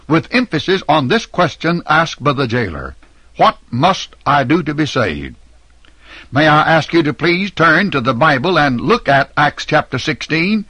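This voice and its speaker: A middle-aged man delivering a scripted sermon address as a radio preacher, in a measured, emphatic, declamatory way. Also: a little high, pushed and bright, breathy edge, dry recording.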